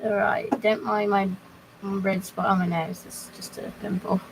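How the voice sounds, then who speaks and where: A young woman on a live stream at her home computer, talking in an unhurried, meandering way with plenty of pauses and restarts. Her voice sits mid-range, and a faint room hum runs behind her. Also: medium pitch, level tone, creaky. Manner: slow, rambling and halting, talking to chat. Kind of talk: casual live stream chat.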